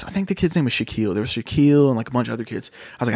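A man's voice: medium pitch, expressive, racing, creaky, no room sound, clean studio sound. A young man telling a long personal story in a casual, slangy way, swearing often and calling his listeners "dude".

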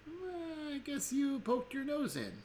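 A man's voice: very high-pitched, wildly swooping pitch, measured pace, a little mellow, slight background noise, voice pushed up, full character voice. A man voicing a suspicious, haughty old woman who builds constructs, in a tabletop game. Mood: cold. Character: old female human construct maker, prickly.

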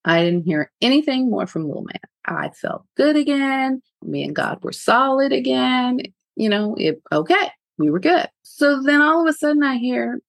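A woman hosting her own podcast, telling a personal story in a frank, animated way and laughing often. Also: sits high, unhurried, gravelly, dry recording. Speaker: podcast host.

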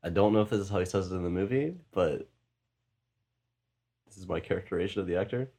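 A young man with a deep voice and a rough, husky edge jokes and teases his friends through a quote-guessing game. His delivery stays relaxed and playful. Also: fast talker, long pauses. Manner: teasing, joking. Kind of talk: casual banter during a drinking game.

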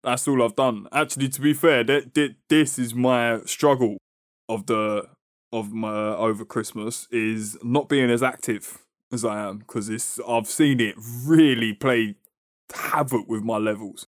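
A young London man chats easily on a podcast, slangy and relaxed, often stumbling over and repeating his words. His voice has an ordinary middle pitch. The recording is dry and close. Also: unhurried, no echo. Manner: laid-back, slangy, repeats himself. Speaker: podcast co-host. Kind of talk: casual chat.

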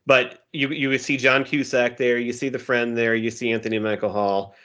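A man's voice: mid-range voice, flat delivery, normal speed, a bit bright. A man co-hosting a casual movie discussion, recapping scenes and quoting favorite lines playfully. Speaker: podcast co-host.

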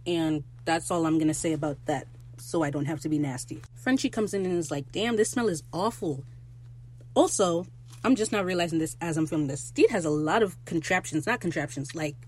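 Recap host: excitable, profane, wandering asides, casual delivery. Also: mid-range voice.

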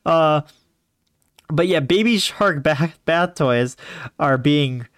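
A man's voice: on the high side, slow pace, dry recording, studio quality. A man in his twenties from Northeast Ohio, hosting his own podcast and rambling through a casual solo monologue. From Northeast Ohio, USA. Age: 20s. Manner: rambling, animated storytelling. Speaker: podcast host.

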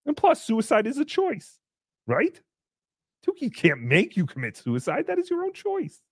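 Man playing a bratty puppet host: high swooping voice, crude sarcastic stream banter, dry close sound. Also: wildly swooping pitch, moderate pace, breathy edge, dry recording, heavily acted. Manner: sarcastic, crude, mock-outraged asides. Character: brash foul-mouthed male puppet show host. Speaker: livestream host reading paid messages. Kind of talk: live-stream character chat.

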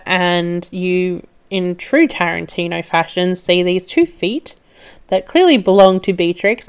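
A woman hosting a podcast, recapping a film casually, laughing often and swearing when excited. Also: lowish voice, clean tone. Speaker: podcast host.

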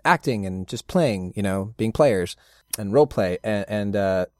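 A middle-aged man, a voice actor, chatting casually as an interview guest and telling rambling, animated stories with frequent laughs. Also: fairly low pitch, a little slow, no room sound, studio quality. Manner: rambling, animated storyteller who laughs often. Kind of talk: casual anecdotal chat.

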